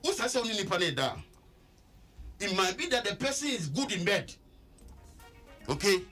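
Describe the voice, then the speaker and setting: A Ghanaian man giving relationship counsel on radio, slow and emphatic, repeating points to stress them. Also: sits high, big pitch swings, pushed and bright, soft background music. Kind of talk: radio advice talk.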